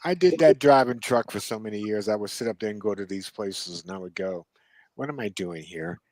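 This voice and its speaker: A man co-hosting a casual podcast chat, telling unhurried stories with asides and chuckles. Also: lowish voice, a little mellow, no echo, low-quality recording. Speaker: co-host.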